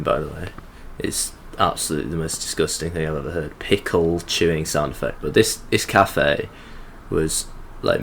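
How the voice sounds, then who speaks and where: A man's voice: extremely low pitch, creaky, fairly bright tone, a little hiss or hum. A young man narrating his hike in a rambling, sardonic, sweary voice-over. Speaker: hiking vlogger.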